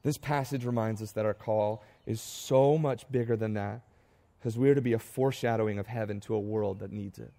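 A man's voice: fairly low pitch, steady tone, vocal fry, mellow. A young man as a pastor giving a farewell sermon, building through emphatic repeated phrases, his voice catching with emotion. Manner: builds to rising emphatic repetition, then tearful and halting.

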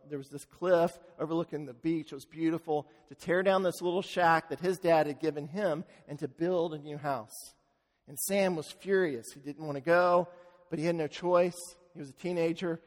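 A pastor preaching to his congregation in a slightly high voice, earnest and unhurried as he tells a story. He slows down and drops his voice on key phrases. The sound carries a long reverb from the church sanctuary. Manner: earnest storytelling, slowing for emphasis. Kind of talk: sermon.

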